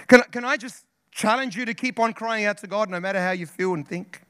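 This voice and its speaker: A man's voice: high-pitched, fairly even intonation, fast, a bit bright, clear, resonant tone, no room sound, studio quality. A male pastor preaching a sermon with passion, repeating phrases and calling out to the congregation. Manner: impassioned preaching with repetitions and call-outs.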